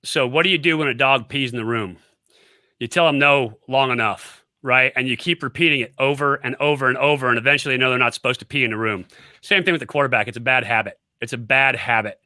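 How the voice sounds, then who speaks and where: Bright, emphatic middle-aged man. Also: mid-range voice, fast, no echo, studio quality. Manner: emphatic, repeats points, storytelling. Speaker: guest, former quarterback and coach. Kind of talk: casual interview, coaching talk.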